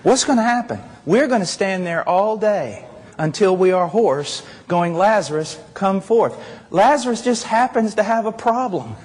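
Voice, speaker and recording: A man preaching a sermon, animated and rising to shouts as he acts out scenes. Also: high-pitched, normal speed. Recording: long reverb of a large hall.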